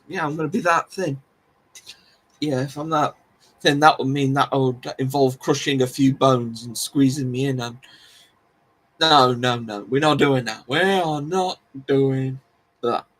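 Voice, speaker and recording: A man's voice: medium pitch, steady tone, normal speed, pauses often, fairly bright tone. A man hosting a live stream, chatting casually with viewers in a rambling, self-deprecating way. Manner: rambling, self-deprecating, restarts and laughs often. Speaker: livestream host.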